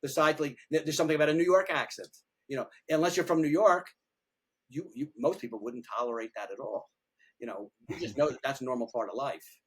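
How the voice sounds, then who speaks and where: An older man, a retired dentist, talking casually in an interview, rambling and animated, often repeating words and restarting. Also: a little high, a little fast, husky. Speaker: retired pediatric dentist, podcast guest.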